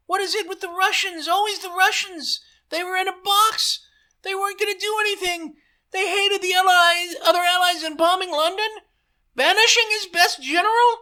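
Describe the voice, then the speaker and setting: A man's voice: a little high, animated, measured pace, pushed and bright. A man voicing a scheming male propaganda minister who rants and schemes. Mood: shrieking rage. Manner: shrieking, ranting fury.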